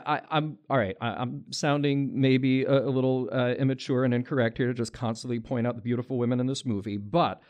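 Man, film podcast co-host, enthusiastic, playful, stammers into restarts, mid-pitched. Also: darkish tone. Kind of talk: casual film discussion.

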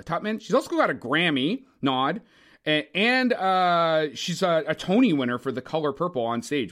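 A man co-hosting a casual movie podcast, talking in an animated, opinionated way with frequent swearing. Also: a little high. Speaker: podcast co-host. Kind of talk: casual movie review chat.

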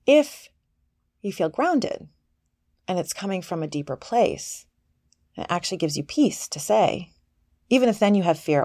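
A woman's voice: fairly low pitch, very animated, measured pace, long pauses, dark tone, no room sound, studio quality. A woman coach giving a casual self-help talk in a conversational way, sometimes acting out the voices she quotes.

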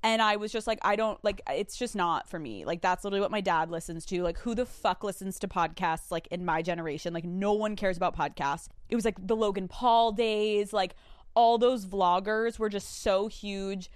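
A young woman hosting a podcast in casual chat, excitable and talkative, peppered with "like" fillers and the odd curse. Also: mid-range voice, moderate pace, smooth, dry recording, studio quality. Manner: excitable and chatty, full of "like" fillers; swears casually. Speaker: podcast host.

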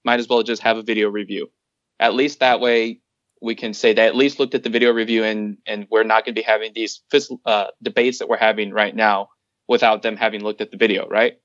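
A man's voice: lowish voice, fairly even intonation, fairly quick, fairly bright tone, no room sound, highs cut off. A man co-hosting a casual sports podcast, who laughs easily and pokes fun at himself. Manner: laughs often, self-deprecating. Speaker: podcast co-host.

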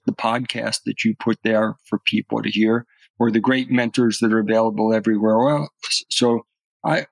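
A man's voice: mid-range voice, no room sound, poor audio. A middle-aged man, a podcast guest, telling personal stories earnestly and often restarting his words. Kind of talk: earnest storytelling in conversation.

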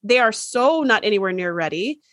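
A woman's voice: mid-range voice, lively intonation, moderate pace, a bit bright, no echo. Young woman, casual podcast chat, enthusiastic, dry recording. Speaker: podcast co-host. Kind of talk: casual chat recapping a TV episode.

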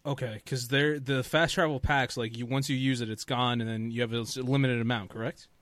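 Guy with a bright sharp voice teasing his friend and giving game tips, dry sound. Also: medium pitch, fairly even intonation, a little fast, dry recording. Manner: teasing, gives advice. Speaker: podcast co-host. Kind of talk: casual gaming chat.

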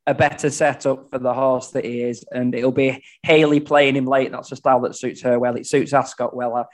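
A man's voice: medium pitch, fairly even intonation, brisk. A man giving casual, analytical horse racing tips on a podcast. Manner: chatty, fluent, analytical. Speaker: racing tipster.

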